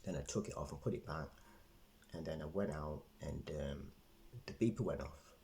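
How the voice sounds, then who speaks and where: A man's voice: a bass voice, normal speed, dark tone, a little hiss or hum, rough recording. A man telling a rambling storytime vlog, repeating himself with lots of fillers. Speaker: vlogger.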